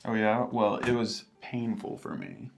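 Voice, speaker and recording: A man co-hosting a poetry lesson with wry asides, reading verse slowly and deliberately. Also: lowish voice, sing-song, vocal fry, a little hiss or hum. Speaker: co-host. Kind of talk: scripted educational banter.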